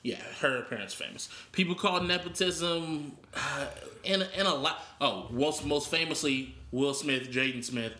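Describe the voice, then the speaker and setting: A man co-hosting a podcast in casual chat, animated, opinionated and profane. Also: fairly high pitch, measured pace, hardly any pauses, echoey room. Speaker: podcast co-host.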